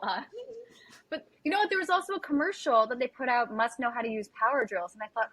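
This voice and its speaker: A woman hosts a relaxed chat, talking in a chatty, rambling way and acting out what she said. Her voice is bright and forward. The sound is dry and close. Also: fairly high pitch, fast, no room sound. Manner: chatty, quotes herself often. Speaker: host. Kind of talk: casual chat.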